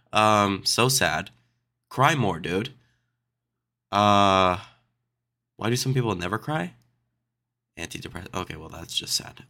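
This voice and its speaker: A young man with a low, gravelly voice and a bright, forceful edge hosts a casual solo podcast. He reads questions aloud and answers them with quick sarcastic quips. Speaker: podcast host.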